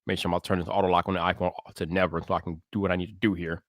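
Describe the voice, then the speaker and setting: A man hosting a tech podcast live, chatting casually with viewers and greeting them by name, then hyping his intro with shouted energy. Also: sits low, level tone, racing, no echo, studio quality.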